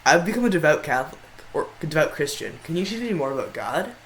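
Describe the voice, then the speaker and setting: A man voicing a tall faceless male monster who has turned devout, speaking in a rushed, earnest way. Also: on the high side, very animated, a bit bright, slight background noise.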